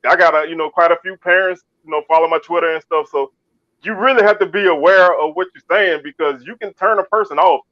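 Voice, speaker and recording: Brisk and a bit bright, with fairly high pitch and fairly even intonation, a Baton Rouge, Louisiana man co-hosts a casual sports talk show. He regularly restarts and repeats his words. The recording is dull, lo-fi, and dry, with no echo.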